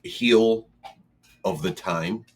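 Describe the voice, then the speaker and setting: A man's voice: low-pitched, extremely slow. A man talking casually in a podcast chat, rambling with lots of fillers and restarts.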